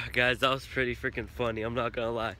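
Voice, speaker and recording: A man's voice: medium pitch, little pitch movement, brisk, bright, forceful tone, a little hiss or hum. A young man casually vlogging, joking and rambling about his day as he films himself on a phone. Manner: joking, rambling, self-mocking. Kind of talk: casual vlog chat. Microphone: phone camera.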